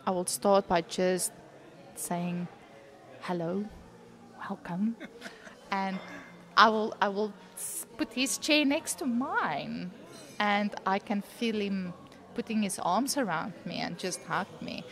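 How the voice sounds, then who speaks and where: A woman's voice: medium pitch, lively intonation, takes it slowly, a bit bright. A woman co-hosting a casual faith chat, earnest and heartfelt, recorded in a coffee shop. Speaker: co-host.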